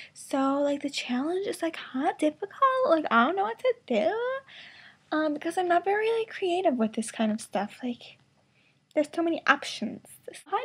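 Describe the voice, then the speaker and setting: Casual bedroom vlogger, woman, high voice, rambly, drifts into whispers. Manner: rambling, filler-heavy, sometimes drops to a whisper. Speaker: vlogger in a collab channel. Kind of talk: casual webcam vlog.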